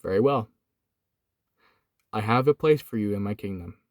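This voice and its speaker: A man voicing Jesus as a solemn, commanding adult man, speaking in slow, earnest pronouncements in a lowered voice. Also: expressive, a little mellow, no echo, studio quality. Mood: gentle. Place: inside a hot parked car.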